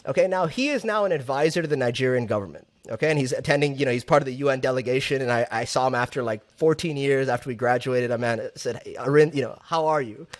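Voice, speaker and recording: A man in his thirties from Southeast Asia, a podcast guest talking in an animated, casual way and often repeating words as he builds a point. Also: mid-range voice, fast, hardly any pauses. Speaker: podcast guest, music label owner. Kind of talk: casual conversational interview.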